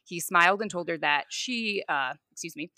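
Woman, podcast co-host, true crime storytelling, bright tone, lowish pitch, dry close sound. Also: animated, moderate pace, no room sound. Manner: conversational, fillers like "you know" and "like".

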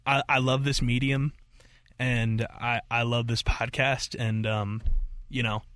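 A man's voice: mid-range voice, level tone, slow, fairly bright tone, no echo. A man co-hosting a podcast in a studio, talking casually, rambling a bit and getting choked up. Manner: rambling, chokes up and gets emotional. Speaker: podcast co-host.

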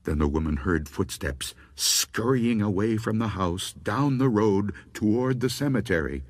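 A man reading scary stories aloud, slow and expressive. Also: fairly low pitch, breathy edge, no room sound, studio quality. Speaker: storyteller.

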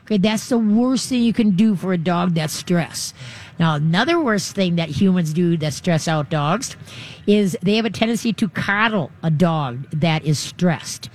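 A dog trainer giving casual spoken advice in a rambling, quick way, often breaking off into high acted voices for owners and dogs. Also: expressive.

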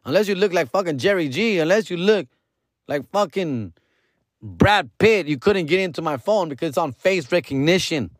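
A man's voice: a little high, no room sound, studio quality. A man, hosting and telling a rambling, profane story full of slang, slipping into Spanish. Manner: rambling, excited retelling. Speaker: podcast host. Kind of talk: casual storytelling.

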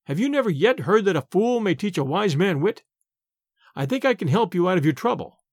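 A man's voice: high-pitched, sing-song, a little fast, a little mellow, no room sound, studio quality. A man voicing a cheerful, clever shepherd in a storybook reading. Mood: hearty. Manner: hearty, confident.

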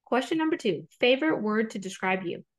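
Woman, podcast host, upbeat, playful quiz-show manner, slightly high voice. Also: animated, brisk. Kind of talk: podcast interview.

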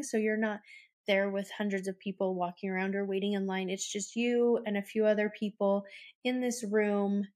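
Her voice is medium-pitched with a darkish tone as she hosts a podcast of casual personal storytelling. Close to crying, she still laughs her way through the emotional tales.

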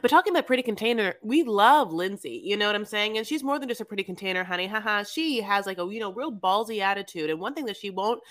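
A woman co-hosting a podcast in loose, casual chat. She rambles and riffs playfully, jumping from thought to thought. Her pitch sits in a middle range. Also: quick pace, hardly any pauses. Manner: rambling, playful, animated riffing. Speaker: podcast co-host. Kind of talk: casual chat recapping a reality show.

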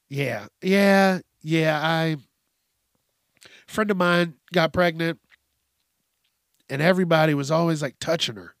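A man's voice: gravelly, no echo, studio quality. A man hosting a podcast, ranting casually and profanely about everyday annoyances, with an exasperated tone. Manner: profane, exasperated, mimics people in high voices. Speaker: podcast host.

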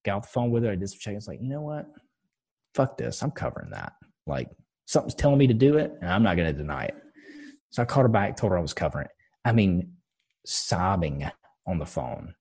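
A man's voice: fairly low pitch, darkish tone, slightly rough. A man co-hosting a podcast in casual chat, blunt and passionate, swearing freely as he tells stories. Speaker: podcast co-host.

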